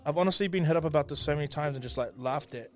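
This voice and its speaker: Joking male podcast host, higher voice. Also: racing, faint music behind. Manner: joking, laughing, animated storytelling. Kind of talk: casual chat.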